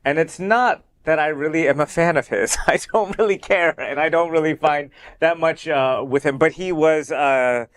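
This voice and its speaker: A man's voice: on the high side, normal speed, few pauses, smooth. A man co-hosting a studio talk show, laid-back and self-mocking in casual chat. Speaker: co-host. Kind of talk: casual panel banter.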